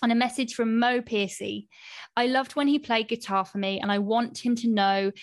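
Gentle woman podcast host, dry recording. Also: on the high side, steady tone, normal speed, dry recording. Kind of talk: reading listener messages aloud.

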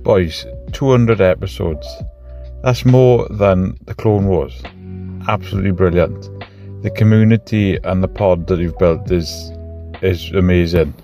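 A man's voice: low voice, measured pace, dark tone, faint music behind. A man giving a jokey, upbeat recorded message of congratulations.

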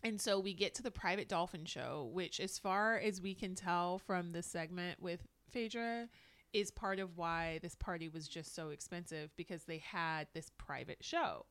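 A woman's voice: fairly low pitch, normal speed, a bit bright, clear, resonant tone. Woman co-hosting a recap podcast, chatty, says like a lot, quotes people in funny voices. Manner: chatty, lots of "like" fillers, quoting people in put-on voices. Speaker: podcast co-host. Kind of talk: casual recap chat.

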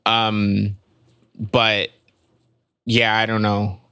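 Man, podcast co-host, bright tense tone, dry close mic, rambling casual chat. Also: on the low side, completely flat delivery, extremely slow, clear, resonant tone, no room sound. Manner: rambling, hesitant, full of ums.

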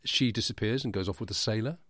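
A lower-voiced man co-hosts a book podcast in a loose, chatty way. He laughs easily and fixes his own slips as he goes. The sound is dry and close. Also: quick pace, sharp tone, dry recording. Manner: chatty, laughs often, self-correcting. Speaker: podcast co-host. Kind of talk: casual chat and book reading.

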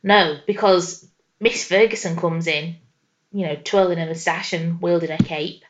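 A woman's voice: on the low side, steady tone, normal speed, highs cut off, background noise. A woman co-hosting a podcast, chatting playfully about a TV show. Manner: giggly, playful, puts on silly voices. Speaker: podcast co-host. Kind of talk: casual chat reviewing a TV show.

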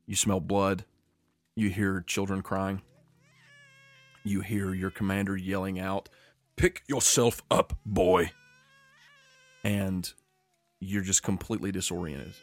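A man's voice: low voice, level tone. A man running a tabletop game as game master, narrating scenes vividly and calling rolls. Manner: vivid, descriptive narration with quick rules calls.

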